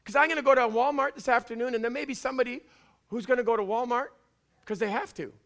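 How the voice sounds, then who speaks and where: A man from Canada with a Canadian accent, preaching a fiery sermon in church and often shouting. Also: extremely high pitch, fast. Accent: Canadian English. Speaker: pastor. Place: church before a congregation.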